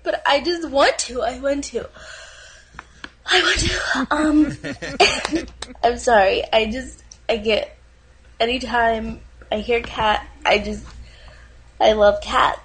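A young woman playing a nervous, overemotional cat lover recording a dating video, halting and tearful with many ums. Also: fairly high pitch, a little hiss or hum, low-quality recording. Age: young adult. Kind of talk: comedic online video acting.

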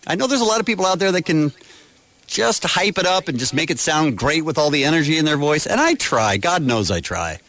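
A man's voice: fairly high pitch, very animated, fairly quick, a bit bright, dry recording. A man chatting casually as a radio host, self-mocking and rambling as he tells a story about a recording session.

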